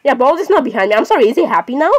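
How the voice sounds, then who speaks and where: A woman giving casual, excitable commentary while playing a game, apologizing constantly and talking to herself. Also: high-pitched, rapid-fire. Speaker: gamer.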